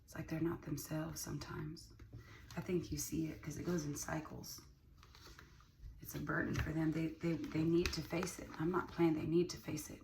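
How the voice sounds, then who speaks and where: Recorded on a distant mic with ambient noise, a woman with a low, gravelly voice gives a casual tarot reading in a level tone at moderate pace. She's emphatic, repeats lines, and swears freely.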